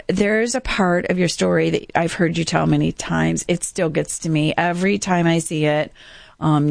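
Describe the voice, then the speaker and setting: A woman's voice: sits low, creaky. A woman hosting a radio interview, asking questions and affirming her guest's story. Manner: warm affirming listener, frequent mm-hmms. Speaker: show host.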